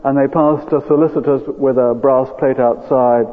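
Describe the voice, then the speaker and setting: Older preacher on tinny radio. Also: male voice, medium pitch, steady tone. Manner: earnest, emphatic, rising with feeling, drawn-out stresses. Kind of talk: sermon. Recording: phone-like old radio broadcast with long reverb.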